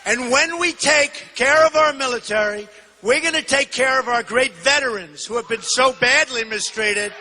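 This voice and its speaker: High, forceful man in his sixties at a rally. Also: moderate pace, in a large hall, slight background noise. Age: 60s. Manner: emphatic, repetitive, often shouting. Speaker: political candidate. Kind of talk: campaign rally speech. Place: large indoor arena.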